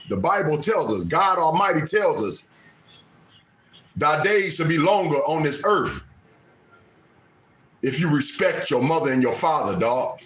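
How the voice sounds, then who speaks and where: A man's voice: on the high side, echoey room, rough recording. A man in his late fifties on a casual live stream, preaching about respect for parents and repeating his points for emphasis. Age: 50s. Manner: preachy, repeats lines for emphasis, Southern American Black vernacular. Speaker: livestream host.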